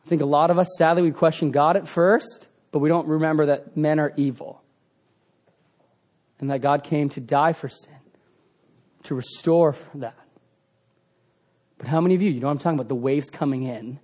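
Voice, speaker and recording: A man preaching a sermon, telling the story with animated sound effects and swinging between loud bursts and hushed passages. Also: fairly high pitch, moderate pace, pauses often.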